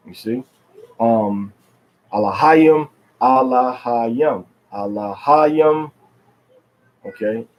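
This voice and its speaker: A man's voice: mid-range voice, dark tone, low-quality recording. Man teaching religious customs at home. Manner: quizzes listeners, repeats key words; reads scripture aloud slowly, stressing syllables.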